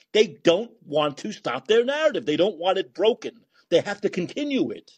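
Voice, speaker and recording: Man, solo podcast host, sarcastic commentary, slightly high voice, lively pitch. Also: normal speed, few pauses, slightly rough. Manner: animated and sarcastic, mocking voices of opponents; swearing, thinking out loud.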